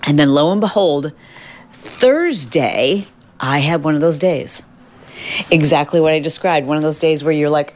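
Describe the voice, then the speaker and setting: A woman's voice: sits low, normal speed, darkish tone. A middle-aged woman hosting a podcast, chatting casually and animatedly, now and then acting out quoted voices. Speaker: podcast host. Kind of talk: casual solo podcast chat.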